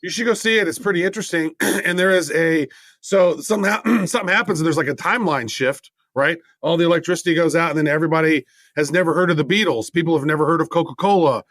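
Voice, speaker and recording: A man's voice: a little high, fast, fairly bright tone, dry recording. A man co-hosting a podcast, chatting in an easygoing, rambling way. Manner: rambling, easygoing, with playful mock voices. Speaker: podcast co-host. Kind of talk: casual podcast banter.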